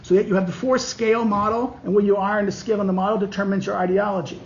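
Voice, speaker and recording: A man, a political science professor, giving a halting classroom lecture with many restarts while walking through diagrams. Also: high voice, level tone, slight background noise. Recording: muffled lo-fi lecture recording.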